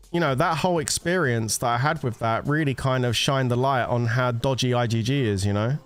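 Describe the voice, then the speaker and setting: A man's voice: mid-range voice, clean tone. A man in a casual gaming rant, swearing, rambling and laughing as he talks to his viewers. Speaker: gaming content creator.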